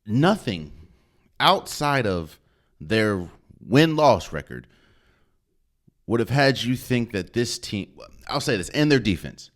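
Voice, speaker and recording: A man's voice: mid-range voice, very animated, slow pace, pauses often. A man hosting a podcast, giving emphatic solo sports commentary and repeating phrases for effect. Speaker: podcast host.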